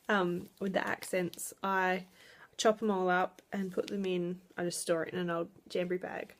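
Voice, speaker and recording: A woman's voice: fairly low pitch, little pitch movement, moderate pace. A young woman chatting casually to camera about her direct sales business, often laughing. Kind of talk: casual vlog chat. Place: at home.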